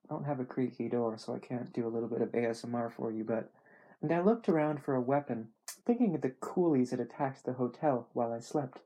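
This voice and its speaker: Breathy, chatty story reader. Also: mid-range voice, fairly quick, dark tone. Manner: self-deprecating, chatty asides. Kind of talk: casual read-aloud story with chatty asides.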